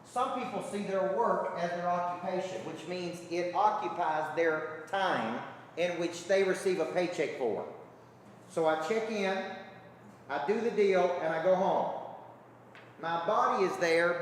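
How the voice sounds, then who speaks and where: High-voiced man coaching in an echoey hall. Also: normal speed, far from the mic, slight background noise. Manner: emphatic, repeats rhetorical check-ins with the crowd. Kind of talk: seminar talk to an audience. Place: large hall with a live audience.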